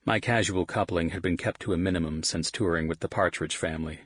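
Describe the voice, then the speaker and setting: Male narrator, first-person audiobook, wry and casual, very low voice, husky, dry close studio sound. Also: brisk, a bit bright, no echo. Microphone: studio microphone.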